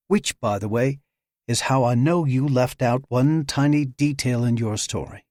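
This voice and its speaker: A man's voice: medium pitch, a little mellow, no room sound, studio quality, lightly acted. A man voicing a proud young woman, a hacker and model, who talks back with confident defiance.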